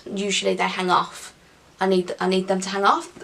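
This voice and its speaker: A woman's voice: medium pitch, monotone, normal speed, creaky, a bit bright. A young woman chatting casually to camera in an upbeat Q&A vlog, with giggly asides. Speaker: vlogger.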